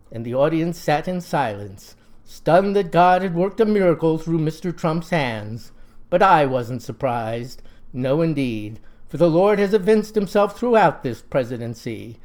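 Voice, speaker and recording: A man with a Southern US accent telling a comic tale in a folksy, deadpan, mock-solemn style. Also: on the high side, unhurried. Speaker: storyteller.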